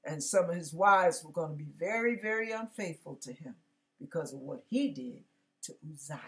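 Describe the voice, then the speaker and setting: A woman's voice: on the low side, lively intonation, moderate pace, a bit bright. A woman pastor giving a casual, conversational sermon, acting out biblical characters and dropping slangy asides.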